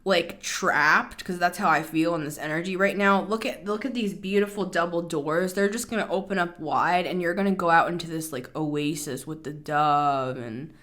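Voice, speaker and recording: A woman's voice: lowish voice, moderate pace, hardly any pauses. Chatty rambling tarot reader, woman. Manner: chatty, rambling, animated asides. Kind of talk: casual tarot reading.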